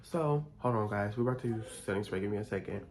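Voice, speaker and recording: A man's voice: fairly low pitch, fast, a little mellow, low-quality recording. A young man chatting casually and expressively as he tells a storytime while doing his makeup, with frank, profanity-laced gossip. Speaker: vlogger.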